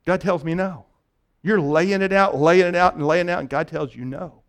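A man's voice: high-pitched, normal speed, clean tone. A male pastor preaching a conversational sermon, often restarting phrases and checking in with "right?".

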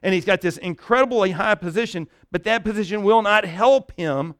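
A man preaching a sermon, telling a Bible story with lively energy, dropping to a hush at tender moments and often repeating words as he goes. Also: high-pitched, normal speed, dry recording, studio quality. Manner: repeats words and restarts while thinking aloud. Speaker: pastor.

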